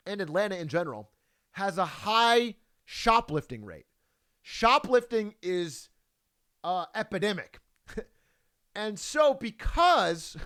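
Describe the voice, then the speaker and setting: Man, high voice, very animated, casual storytelling, profane, laughs often.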